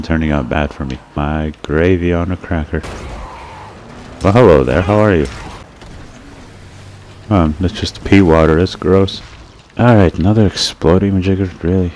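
A man giving casual let's-play commentary as he plays, joking sarcastically at his own expense and bursting into excited shouts at the game. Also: deep voice, normal speed, a little hiss or hum. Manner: sarcastic, self-mocking joking. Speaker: gameplay commentator.

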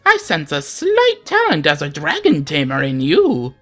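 A man doing a shrill old village woman. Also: huge pitch swings, unhurried, pushed and bright, soft background music, full character voice. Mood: storytelling. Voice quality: shrill, strained falsetto.

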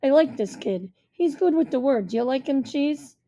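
A woman's voice: sits high, expressive, moderate pace, warm tone, no room sound, pitched above the performer's own voice. A woman voicing a brash male gangster who uses tough-guy street slang in a storybook reading. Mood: pushy. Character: brash wisecracking male gangster in loud shirt.

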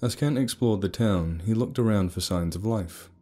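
A man narrating a horror story in a slow, measured, ominous way. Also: on the low side, mellow, slight background noise. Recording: faint eerie music behind.

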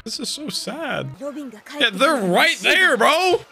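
Excitable young man reacting to anime. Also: very high voice, slow pace, creaky. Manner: excitable, exclaiming and laughing, says "bro". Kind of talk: live reaction commentary. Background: anime episode audio with music.

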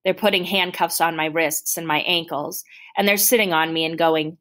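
A woman reading a novel aloud in first person with a steady, plain storytelling manner. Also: sits low, normal speed. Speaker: audiobook reader.

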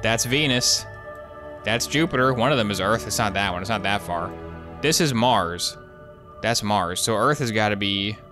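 A man's voice: lowish voice, bright, forceful tone. A man giving casual, jokey commentary while playing a video game, thinking aloud as he goes. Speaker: gaming YouTuber.

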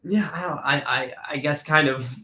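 A young actor is in a casual, conversational video-call interview with his father, speaking at a moderate pace in a fairly high, bright, forceful voice. He rambles hesitantly, restarting often and laughing frequently.

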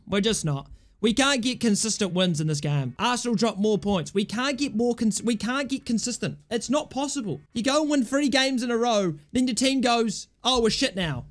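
A man's voice: sits high, fairly bright tone, a little hiss or hum. A young man playing a football video game and commentating, frustrated and swearing at his players. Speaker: gaming YouTuber.

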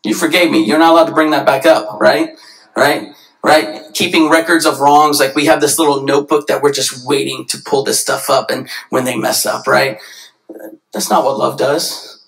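A man preaching a sermon in a church, animated, often jumping into quoted voices. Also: moderate pace, vocal fry, low-quality recording. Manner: animated, acts out quoted voices with big pitch jumps. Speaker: pastor. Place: church sanctuary.

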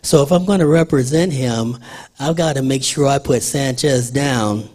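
Husky-voiced older man preaching. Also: mid-range voice, moderate pace, darkish tone. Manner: conversational preaching, asks the congregation questions. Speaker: pastor. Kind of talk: sermon. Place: church.

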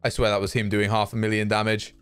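A young man giving excitable live commentary over his gameplay, swinging from groans to shouts. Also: fairly low pitch, quick pace, smooth. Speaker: gaming YouTuber.

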